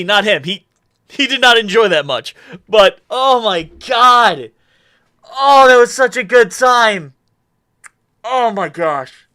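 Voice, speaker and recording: A man's voice: high voice, pushed and bright, dry recording, studio quality. A man in his twenties from the United States, rambling casually on a live stream, correcting himself as he goes and reading chat aloud. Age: 20s.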